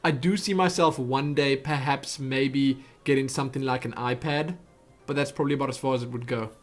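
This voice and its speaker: A man's voice: medium pitch, fairly even intonation, brisk, soft background music. A young man with a South African accent chatting through viewer questions on his webcam vlog, rambling with lots of asides and self-corrections. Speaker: YouTube host answering viewer questions. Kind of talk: casual Q&A vlog chat.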